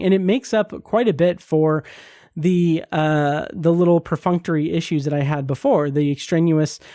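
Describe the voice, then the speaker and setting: Rambling man reviewing TV, higher voice. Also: warm tone, no room sound, clean studio sound. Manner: rambling, many fillers and restarts, acts out quoted lines. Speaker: podcast host reviewing TV episodes. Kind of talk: casual solo review.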